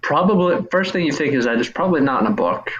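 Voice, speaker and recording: A game master runs a tabletop session, narrating with a lively pitch that swings up and down. The delivery is loose and chatty, full of fillers and restarts. The sound is dull and lo-fi. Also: quick pace, slight background noise. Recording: dull lo-fi recording.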